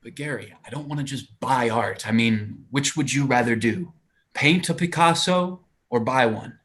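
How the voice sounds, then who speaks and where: A man's voice: mid-range voice, normal speed, fairly bright tone, natural voice. An actor playing an earnest, indignant male TV actor in a live play reading over a video call. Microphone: home computer mic on a video call.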